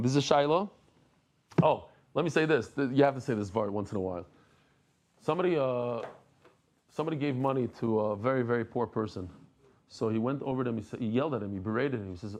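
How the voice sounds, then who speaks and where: Lively man teaching Talmud. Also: a little high. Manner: animated, jokey, mixes Hebrew and Yiddish terms. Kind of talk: daily Talmud lesson.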